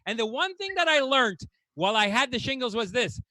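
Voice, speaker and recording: A man's voice: very high voice, very animated, a little fast, pushed and bright, dry recording. A man doing a stand-up comedy set on a club stage, ranting in exasperation and swearing casually.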